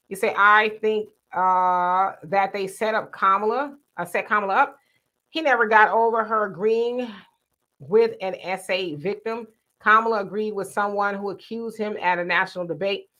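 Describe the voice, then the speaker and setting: A woman's voice: medium pitch, fairly bright tone. Casual woman reading live chat. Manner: reads viewer comments aloud and responds conversationally. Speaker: livestream co-host reading chat.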